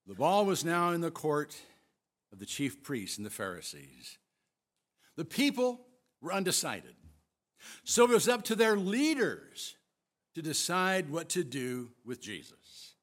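A man preaching a sermon, retelling scripture with expressive, emphatic storytelling. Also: a little high, a little slow. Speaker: pastor.

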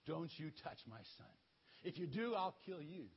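A man voicing Joash, a fierce, protective older father who speaks in a low, menacing way in a children's Bible story. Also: big pitch swings, normal speed, husky, highs cut off, exaggerated voice.

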